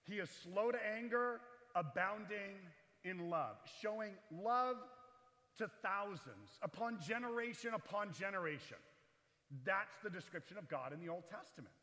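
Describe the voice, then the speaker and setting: A man preaching a sermon as pastor in a chapel, animated, swinging between loud and hushed delivery. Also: sits high, a little slow, long reverb tail. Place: large echoey chapel.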